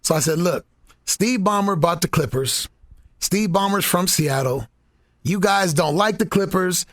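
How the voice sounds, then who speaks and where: A man telling stories in a casual podcast chat, animated and swearing freely. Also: high-pitched, a little slow, no room sound, studio quality. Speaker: guest.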